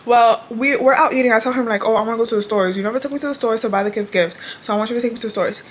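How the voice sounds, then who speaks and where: A woman's voice: fairly high pitch, very fast, a little hiss or hum. Blunt, exasperated young woman vlogger. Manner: blunt, exasperated, swears freely, lots of "like". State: tired. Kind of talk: casual storytime chat.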